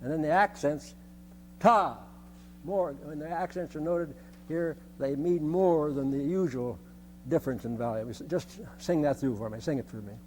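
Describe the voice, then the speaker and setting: An older man leads a band rehearsal in a fairly high voice, demonstrating rhythms by singing them on short syllables. He often repeats himself as he instructs the players. A faint hum sits under the recording. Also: normal speed, dark tone. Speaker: band conductor.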